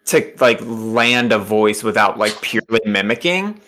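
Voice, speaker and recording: A man's voice: fairly low pitch, lively intonation, a little slow, bright, forceful tone. A man chatting casually about practicing character voices, talking loosely with many fillers. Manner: chatty, filler-heavy, laughs easily. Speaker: player. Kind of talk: casual chat.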